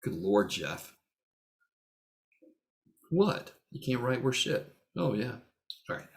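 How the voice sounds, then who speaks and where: A man's voice: medium pitch, very animated, slow pace, creaky. Joking, blunt-talking male math teacher. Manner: joking, blunt, swears freely; teasing students by name. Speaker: math instructor. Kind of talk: casual online lecture. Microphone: video call.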